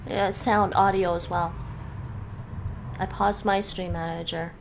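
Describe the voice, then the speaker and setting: Slow-talking Midwestern woman streamer. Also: on the low side, steady tone, vocal fry. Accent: Midwestern American. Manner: chatty, musing aloud, answering chat. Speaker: game streamer. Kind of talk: casual live-stream chat while gaming. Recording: noisy background hum.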